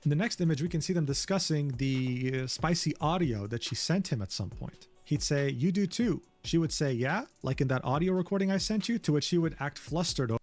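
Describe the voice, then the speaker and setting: A man reading a narration aloud in a steady way, quoting text messages from screenshots. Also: on the high side, fairly quick, hardly any pauses, faint music behind. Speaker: narrator of a drama video.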